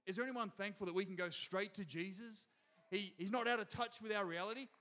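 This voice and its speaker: A man with an Australian accent preaching a sermon to a church congregation, energetic and calling out to the crowd. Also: sits high, a little fast. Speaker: pastor. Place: church hall before a congregation.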